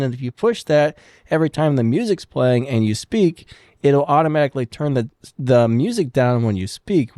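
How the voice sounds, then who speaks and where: A man talks through a gear review in an easy, chatty way. His voice is mellow and dark, recorded close and dry on a studio broadcast mic. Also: medium pitch, no echo. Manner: relaxed, chatty explaining. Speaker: product reviewer. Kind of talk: casual product review demo. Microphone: studio broadcast microphone.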